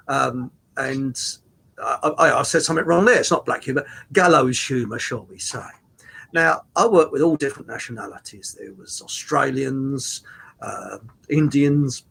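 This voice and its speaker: Older male guest, husky and raised in pitch, halting anecdotal storyteller. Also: a bit bright. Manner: rambling, halting with many fillers and restarts; chuckles through his stories. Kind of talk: anecdotal casual chat.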